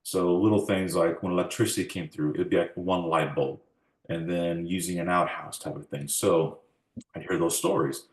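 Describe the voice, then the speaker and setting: A man's voice: low voice, steady tone, moderate pace, reverberant. A man in his forties in an oral history interview, telling family stories in a reflective way and acting out the dialogue. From United States. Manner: reflective storytelling, acts out quoted dialogue.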